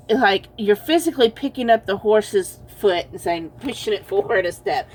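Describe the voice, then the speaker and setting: A woman's voice: medium pitch, normal speed, hardly any pauses, slight background noise. A woman giving a casual tarot card reading, chatty and teasing, laughing often and calling her viewers y'all. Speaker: tarot reader.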